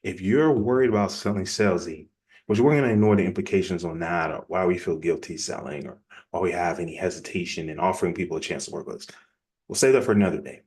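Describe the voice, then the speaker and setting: A man giving a casual, energetic sales-coaching presentation in a plainspoken, conversational way. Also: low voice. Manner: energetic, acts out quick example dialogues. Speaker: business coach.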